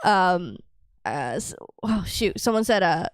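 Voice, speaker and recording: A woman's voice: fairly low pitch, very animated, takes it slowly, clean tone, no echo, studio quality. A woman co-hosting a podcast live stream, chatting playfully and reading out viewer comments. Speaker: podcast co-host. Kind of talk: casual live-stream chat.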